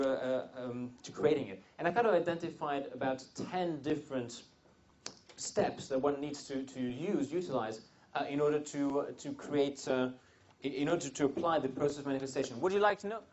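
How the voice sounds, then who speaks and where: A man's voice: a little high, darkish tone. A man giving a live seminar talk to a room of attendees, rambling with frequent restarts and joking asides. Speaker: seminar speaker. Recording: dull lo-fi seminar recording.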